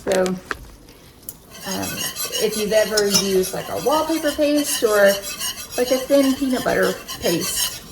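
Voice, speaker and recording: A woman's voice: medium pitch, noisy background. A middle-aged woman chatting through a cooking demonstration in her home kitchen, explaining each step as she goes. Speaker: home cook demonstrating a recipe. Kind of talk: casual cooking tutorial.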